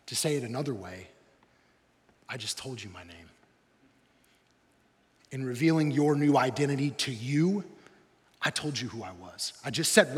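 A man preaching a sermon, animated, swinging between loud excited bursts and quiet, low, intense stretches. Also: normal speed, pauses often, long reverb tail. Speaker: pastor.

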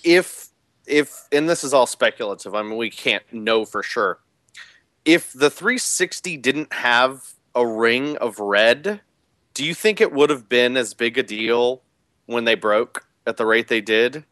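A man co-hosting a casual gaming podcast, telling stories in loose, restarting sentences. His voice is mid-pitched and sits close and dry in the recording. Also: measured pace, fairly bright tone, no echo. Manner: rambling storyteller, restarts a lot. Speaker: podcast co-host. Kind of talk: casual chat. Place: home with a game playing in the background.

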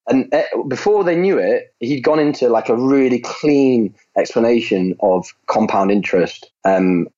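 A man's voice: mid-range voice, normal speed, hardly any pauses, mellow. A man, a maths teacher, chatting casually in an interview and telling classroom stories. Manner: chatty, lots of "like", acts out classroom quotes. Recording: muffled lo-fi audio.

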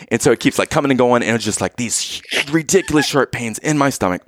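Animated man telling a funny story. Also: mid-range voice, fast, few pauses. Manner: animated, acts out his own past lines with loud outbursts. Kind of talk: casual storytelling chat.

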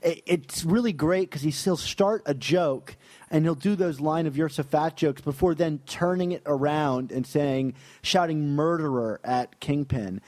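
A chatty, enthusiastic man from New York, trading thoughts on comics with his podcast co-host. His voice sits a little high for a man. It sounds close and dry, with almost no room around it. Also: a little slow, darkish tone, no room sound. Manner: enthusiastic, laughs easily, many fillers. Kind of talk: casual comics discussion.

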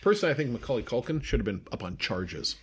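A man's voice: medium pitch, sing-song, fast. A man in casual podcast chat, bantering with crude jokes.

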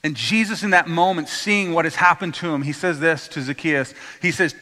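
Bright-voiced pastor preaching in a reverberant hall. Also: male voice, fairly high pitch, fairly even intonation, normal speed. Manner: storytelling, acts out quoted voices, asks congregation to repeat words. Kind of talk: sermon.

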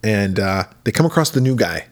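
A man's voice: lowish voice, animated, fairly quick. A man co-hosting a film podcast in casual chat, telling a story with frequent swearing and laughter. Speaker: podcast co-host.

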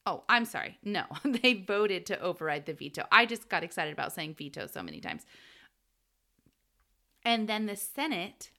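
Bright-voiced woman telling history casually. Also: medium pitch, moderate pace. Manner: laughs often, swears, animated storytelling. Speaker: podcast co-host. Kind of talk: casual history podcast chat.

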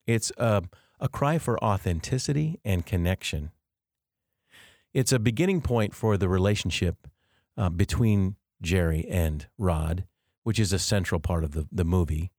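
A man with a very low, deep voice hosts a devotional podcast. He talks earnestly and reflectively and explains ideas step by step. The recording is dry, with no room sound. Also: lively intonation, moderate pace, darkish tone, dry recording. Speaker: podcast host.

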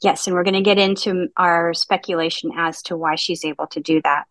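Low-voiced woman podcast host, dry wit. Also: fairly even intonation, fairly quick, fairly bright tone, no echo, poor audio. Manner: dry, self-deprecating humor. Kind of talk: casual book-club chat with scripted intro.

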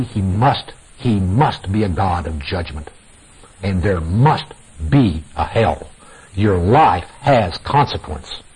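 A man's voice: medium pitch, darkish tone, breathy edge. A man preaching a sermon to a congregation, emphatic and repetitive, calling his listeners "guys", heard through a lo-fi radio broadcast. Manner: emphatic, repeating phrases for effect, addresses listeners as guys.

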